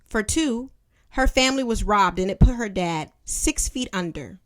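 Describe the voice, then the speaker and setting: A woman's voice: medium pitch, animated, moderate pace. A woman in her twenties giving casual, slangy, sarcastic commentary as she reviews a film she loved as a kid. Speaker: vlogger reviewing a childhood film.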